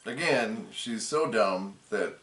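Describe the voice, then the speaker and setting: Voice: medium pitch, lively intonation, slow, a bit bright, roomy sound, recorded from a distance. A co-host making blunt, sarcastic quips in a casual reality show recap. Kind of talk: casual commentary.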